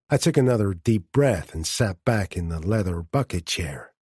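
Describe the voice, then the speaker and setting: Male audiobook narrator, very deep voice, husky, dry close recording. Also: lively intonation, moderate pace, hardly any pauses, darkish tone, no room sound. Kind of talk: first-person audiobook narration.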